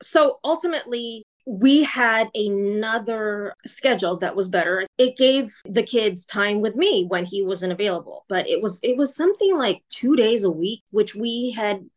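A woman's voice: medium pitch, expressive, moderate pace, hardly any pauses. Earnest woman recounting a personal story. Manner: earnest, re-enacts courtroom exchanges in quoted voices. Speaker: podcast guest.

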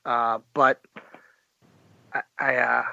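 Guy guest on a podcast, bright punchy voice, dry lo-fi sound, acts out the quotes. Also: mid-range voice, slow pace, vocal fry, no echo. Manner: animated storyteller acting out quoted dialogue. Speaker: interview guest. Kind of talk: podcast interview.

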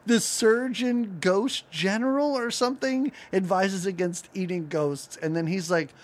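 A man's voice: sits high, measured pace. A man co-hosting a podcast in casual chat, laughing often and acting out scenes as he recaps a cartoon. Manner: animated, laughs often, acts out lines from the cartoon. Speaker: podcast co-host.

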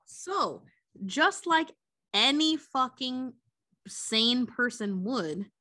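A woman co-hosting a podcast, recapping a movie in a casual, profane, animated way. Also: high voice, very slow, no room sound, clean studio sound. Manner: profane, animated retelling with quoted character voices. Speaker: podcast co-host.

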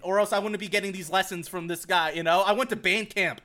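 A young man from Virginia co-hosting a podcast, telling stories in an animated, profane, laugh-filled casual chat. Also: high-pitched, a little fast. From Virginia, USA. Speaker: podcast co-host. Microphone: podcast mic on a group call.

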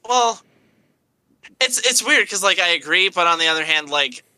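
A man with a very bright, forward voice and a slightly raised pitch, talking casually on a podcast. He complains emphatically and with conviction. The sound is dry and close. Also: animated, normal speed, smooth, no room sound, rough recording. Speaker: podcast co-host. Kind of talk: casual film chat.

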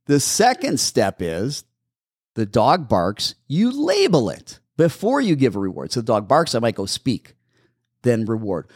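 Male call-in show host, mid pitch, animated, instructive, dry close mic. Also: measured pace, husky, no echo. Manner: practical, instructive, repeats steps patiently. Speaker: podcast host and dog trainer.

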